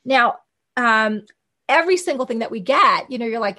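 A woman delivers an informal church teaching, her voice sitting a little high. She talks in a lively, conversational way, dropping fillers and acting out little quotes. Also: moderate pace. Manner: animated, conversational, with many fillers and quoted asides. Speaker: Christian teacher on hearing God.

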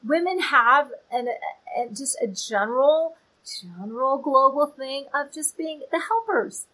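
A woman giving a casual, chatty Bible teaching, animated and playful with asides. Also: high voice, unhurried, poor audio.

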